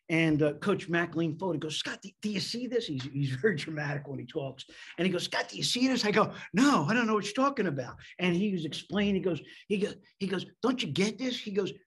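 Husky animated American men's pastor. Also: male voice, on the high side. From United States. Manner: animated preacher, lively emphasis and slowed key words. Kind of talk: sermon.

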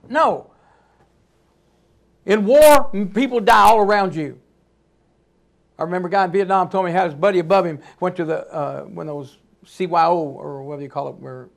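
A man delivers a sermon in a high-pitched voice. He preaches emphatically, breaking into sudden loud outbursts. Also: vocal fry.

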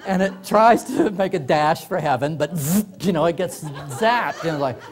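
Animated storytelling man, laughing often. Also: fairly high pitch, moderate pace, some chatter behind. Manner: animated, laughing often, acts out quoted voices. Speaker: author giving a workshop talk. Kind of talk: comic storytelling to a live audience. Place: library meeting room.

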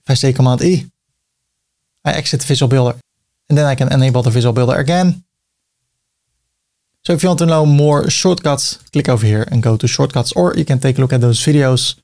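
A man explaining a website builder step by step in a screen-recorded tutorial, thinking aloud as he clicks, with a few filler pauses. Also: mid-range voice, a little mellow. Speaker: web design tutor.

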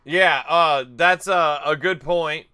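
Male livestream host, unhurried delivery, bright and smooth tone, easygoing. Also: fairly high pitch, steady tone. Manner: easygoing, reading out viewer names. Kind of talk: casual livestream chat.

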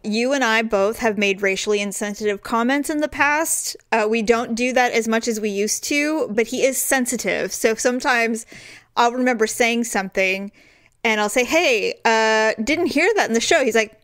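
A woman's voice: a little high, moderate pace, a bit bright, smooth. A woman co-hosting a podcast in casual chat, candid and self-deprecating, often giggling. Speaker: podcast co-host.

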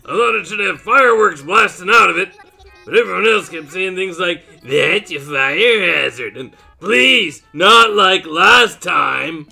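A man voicing an excitable goose villager, reading game dialogue in a shouty, gleeful way. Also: high-pitched, measured pace, creaky, faint music behind, pitched above the performer's own voice, exaggerated voice. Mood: excited.

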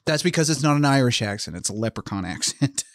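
Quick and lively, this podcast co-host's mid-range voice comes through a dry recording. He's a chatty man discussing a horror movie over beers, laughing frequently as he talks.

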